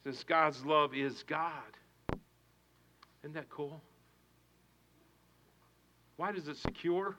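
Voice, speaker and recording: A male pastor preaching a sermon with passion, swinging from hushed to shouting and repeating his phrases. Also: fairly high pitch, takes it slowly, long pauses, noisy background.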